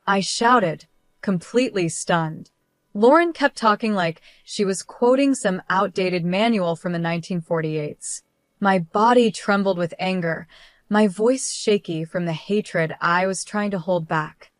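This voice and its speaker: Woman narrator for a first-person drama story, emotional delivery, mid pitch, dry sound. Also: a little slow, no echo.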